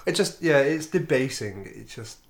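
Blunt, sweary man with a lively voice. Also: mid-range voice, moderate pace, vocal fry, crowd noise. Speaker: podcast co-host. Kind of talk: casual podcast chat.

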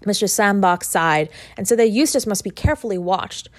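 Woman narrator, lively pitch, dry close sound, measured literary reading. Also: no room sound. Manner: measured first-person storytelling. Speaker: audiobook reader. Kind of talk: scripted narration of a classic short story.

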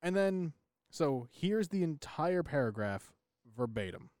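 A man's voice: a little high, very animated, a little slow, darkish tone, dry recording, clean studio sound. A young man co-hosting a podcast in casual chat, rambling and joking with lots of fillers and restarts. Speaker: podcast co-host.

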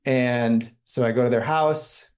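A young man of middling pitch talks on a podcast in a relaxed, casual way. He tells an embarrassing story about himself with a self-deprecating air. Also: measured pace.

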